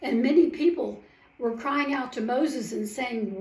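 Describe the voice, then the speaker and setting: A woman telling a Bible story in character as a first-hand witness, slow and emphatic, acting out the quoted voices. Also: on the high side, darkish tone. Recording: roomy echo, mic at a distance.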